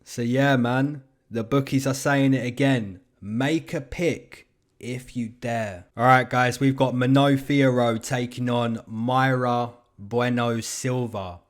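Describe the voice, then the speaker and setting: A man's voice: mid-range voice, steady tone, takes it slowly. Young guy chatting his fight picks and odds, slangy, says man and you know a lot. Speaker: betting and fight-prediction host. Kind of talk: casual commentary.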